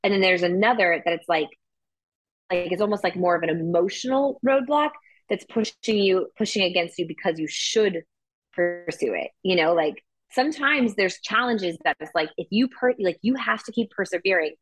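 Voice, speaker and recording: Telling a story in a relaxed podcast chat, a female co-host leans heavily on "like" and other filler words. Her lowish voice is expressive and moderately paced, with a dry recording.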